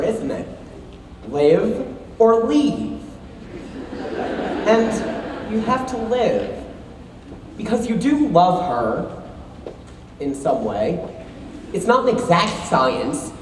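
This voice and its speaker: A young woman on a high school stage playing a wistful middle-aged male show-tune fan who confides asides to the audience and sometimes bursts into shouts. It is recorded from far back in an echoey auditorium. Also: slight background noise, natural voice.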